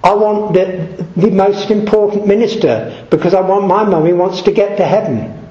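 A man's voice: high-pitched, normal speed, mellow, echoey room, dull audio, lightly acted. A man voicing a tiny poor girl who pleads politely for her dying mother. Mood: pleading.

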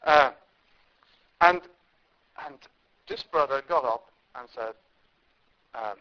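A man's voice: mid-range voice, expressive, takes it slowly, long pauses. A man from India preaching a sermon, impassioned, with emphatic rises and repeated words. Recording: dull lo-fi recording.

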